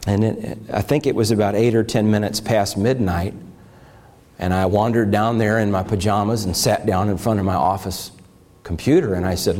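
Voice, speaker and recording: An older male pastor delivers a sermon with deep conviction. His fairly low voice rises into pleading and sinks into quiet confession, always earnest and impassioned. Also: fairly even intonation, moderate pace. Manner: impassioned, swinging from raised pleading to hushed confession.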